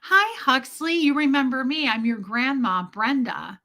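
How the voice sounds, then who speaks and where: Woman doing a sappy grandma voice, slow sweet baby praise, kinda high. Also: pushed and bright, full character voice. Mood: gushing praise. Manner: slow, syrupy encouragement spoken to a baby. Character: sugary, relentlessly praising grandmother, older woman.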